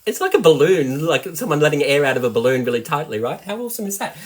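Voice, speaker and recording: An Australian man hosting a live cooking demonstration, chatty and excitable, often giggling as he talks to viewers. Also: a little high, fast talker. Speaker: host, product seller.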